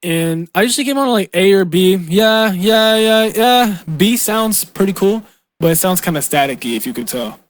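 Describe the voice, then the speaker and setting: A young man teaching vocal mixing in a loose, slangy way, calling out "bro" and "boom" as he works. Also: expressive, a little fast, no room sound, studio quality. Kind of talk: casual screen-recorded tutorial. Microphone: close studio mic.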